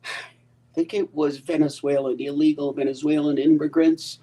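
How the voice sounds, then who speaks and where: A man co-hosting a casual talk stream, calm and keen to steer the talk away from some topics. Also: on the high side, moderate pace, low-quality recording.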